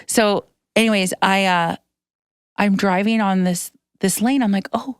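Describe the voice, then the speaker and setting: A woman hosting a podcast, telling a story in casual chat, animated and swearing freely, laughing as she talks. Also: medium pitch, measured pace, smooth, no room sound. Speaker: podcast host.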